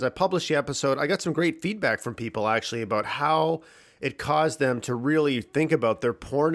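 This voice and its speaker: A man hosting his podcast alone from his home basement, talking candidly with a morning voice, clearing his throat, swearing and restarting sentences. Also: mid-range voice, a bit bright. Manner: candid, rambling, swears freely, frequent restarts. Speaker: podcast host. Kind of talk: casual solo podcast monologue.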